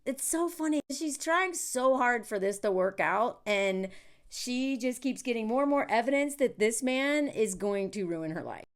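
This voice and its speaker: A woman with a noticeably high voice delivering reaction commentary for a vlog. She talks bluntly and with animation, dropping swear words along the way. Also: expressive, a little slow.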